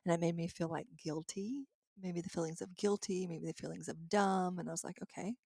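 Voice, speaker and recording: Animated woman podcaster telling a story. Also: on the low side, brisk, vocal fry, no echo, clean studio sound. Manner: animated, laughing often, acting out her own past lines. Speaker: podcast host and coach. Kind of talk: casual storytelling monologue.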